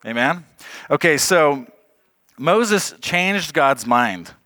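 A man's voice: fairly high pitch, expressive, drawn-out words, sharp tone, dry recording. A man preaching a sermon in a conversational way, often chuckling and saying "like".

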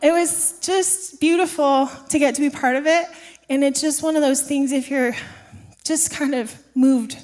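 A woman's voice: sits high, steady tone, measured pace, a little mellow. A woman, the pastor's wife, sharing a personal testimony at church in a casual, conversational way. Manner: casual, conversational storytelling with fillers. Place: church sanctuary.

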